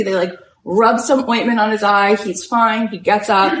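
A woman spiritual coach giving an inspirational storytelling talk, animated and full of "like" fillers. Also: mid-range voice, unhurried, hardly any pauses, a little hiss or hum. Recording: roomy echo.

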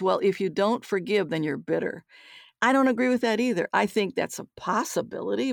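A woman's voice: medium pitch, creaky, dry recording, clean studio sound. An older woman, a psychologist being interviewed, telling stories in a candid, forthright way and acting out the dialogue. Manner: forthright, acts out quoted dialogue. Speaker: guest author and psychologist.

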